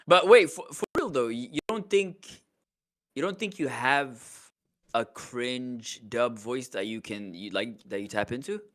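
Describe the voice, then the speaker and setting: A male streamer chatting casually with a friend, excitable and laughing often. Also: mid-range voice, measured pace. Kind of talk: casual chat.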